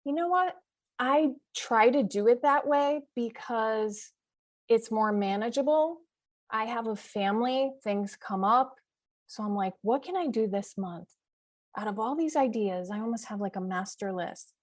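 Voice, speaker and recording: A woman's voice: on the high side, animated, a little slow, no echo, clean studio sound. A middle-aged woman from the US East Coast, chatting enthusiastically as a podcast guest, listing examples with frequent fillers. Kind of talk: casual interview chat.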